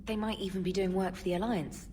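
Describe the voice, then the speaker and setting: An actress playing a brisk, helpful female communications officer on a starship in a video game, heard from a distance. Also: mid-range voice, fairly even intonation, darkish tone, a little hiss or hum, natural voice. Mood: briefing.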